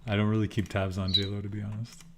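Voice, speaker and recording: A man's voice: fairly low pitch, little pitch movement, fast talker, noisy background. A man with an American accent hosting a podcast in casual chat, thinking aloud and chuckling. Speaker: podcast host. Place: podcast recording in Seoul.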